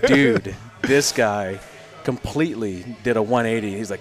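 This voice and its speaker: With faint music behind him, a fairly low-pitched man speaks at a moderate pace. He's in his thirties, a podcast guest who served as an Army Ranger and Green Beret, and he spins casual stories, performing the voices he quotes and cursing freely along the way.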